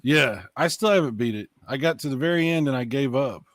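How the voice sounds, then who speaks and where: A man chatting as a podcast co-host, animated and loose, now and then swearing. His voice sits mid-pitch. It comes across dry and close to the mic, with no room around it. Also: a little fast, no echo. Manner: animated, swears freely, talks over others. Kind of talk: casual chat.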